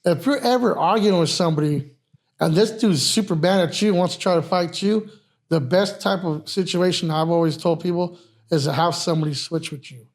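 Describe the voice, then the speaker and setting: High gravelly man telling rough stories. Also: a little fast. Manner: profane, animated storyteller, repeats "you know what I mean". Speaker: guest, head of a security firm. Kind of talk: casual podcast storytelling.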